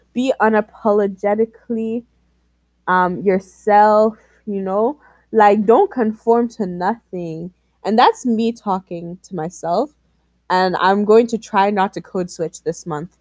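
A woman's voice: medium pitch, slow pace, darkish tone, no room sound. Young woman podcaster, dry close sound. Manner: laughs often, exclaims "oh my God". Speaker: podcast co-host. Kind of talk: casual chat.

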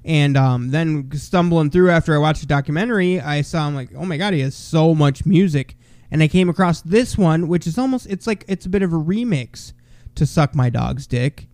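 Man with a smooth, resonant voice. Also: fairly high pitch, normal speed, darkish tone, no room sound, clean studio sound. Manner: loose, profane storytelling, drawling "bro" and "dude". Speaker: podcast co-host. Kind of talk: casual chat.

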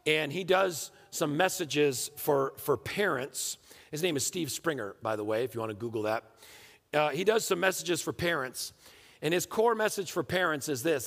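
A middle-aged man preaching a sermon as pastor, an animated storyteller who acts out scenes with his family. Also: medium pitch, vocal fry. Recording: long reverb of a large hall.

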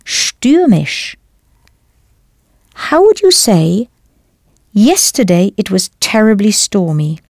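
A woman teaching a language lesson in a clear, careful scripted delivery, spelling out words as she goes. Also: mid-range voice, very animated, slow, long pauses, no echo, studio quality.

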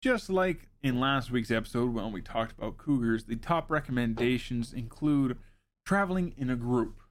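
At a moderate pace and medium pitch, this show host speaks with lively intonation. He reads informational notes out loud, interrupting the facts now and then with wry jokes.

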